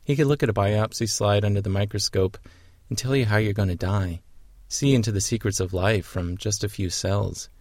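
Man, low voice, somber reflective documentary narrator. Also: normal speed, a little mellow, no room sound.

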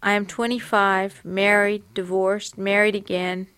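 A woman's voice: medium pitch, flat delivery, unhurried, a bit bright, smooth, no echo. A woman reading aloud from a personal diary in an earnest, confessional, reflective way.

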